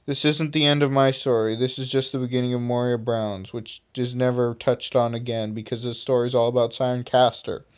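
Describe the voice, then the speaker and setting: Man reading his own story aloud, casual, smooth clear voice, mid pitch, phone mic. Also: little pitch movement, fairly quick, few pauses. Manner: stumbles over typos and comments on his own text. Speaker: amateur reader of his own stories.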